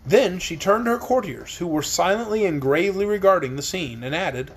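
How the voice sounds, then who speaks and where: A man narrating a children's storybook in an expressive reading voice. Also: high voice, brisk, hardly any pauses, a little hiss or hum. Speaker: audiobook reader.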